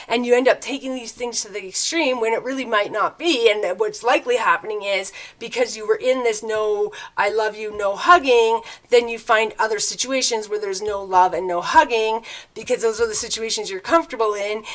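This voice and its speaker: Her voice a little high and fairly bright, a tarot reader speaks at a normal speed through a loose, rambling spiritual talk. She's chatty and keeps tossing in tag questions like "right?" to check in with her listeners.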